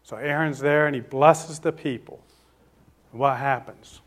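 A man with a mid-range voice preaches a sermon, asking his listeners questions and answering them himself. He slows down to stress key words.

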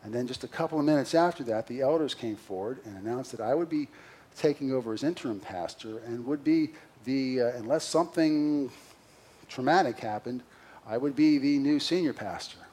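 A middle-aged man preaching a sermon as senior pastor, earnest and confessional, moving between loud emphasis and quiet asides. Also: medium pitch, a little fast, husky. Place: church sanctuary.

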